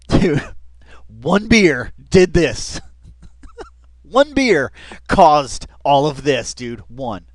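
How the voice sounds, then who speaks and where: A man's voice: fairly high pitch, very animated, very slow, pauses often, no room sound. Laid-back male reaction host, chatty and giggly, recorded dry and close. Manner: laid-back, laughs often, says dude and man a lot. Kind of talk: casual reaction commentary.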